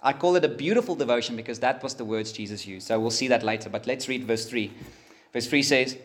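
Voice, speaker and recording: A man preaching a sermon, emphatic and pausing, rising for emphasis. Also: medium pitch. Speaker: pastor.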